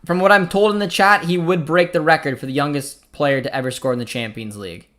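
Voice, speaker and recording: A man's voice: fairly high pitch, steady tone, brisk, fairly bright tone. A young man from Canada with a Canadian accent, hosting a live football watchalong, chatting casually, reading the chat aloud and reacting to the match. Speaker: watchalong host.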